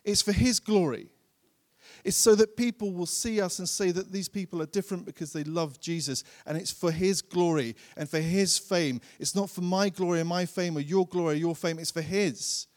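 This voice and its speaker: A man preaching a sermon in an earnest way, repeating phrases for emphasis and slowing down to stress key lines. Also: high-pitched, a little mellow. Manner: slows and drops his voice to stress key lines. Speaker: pastor.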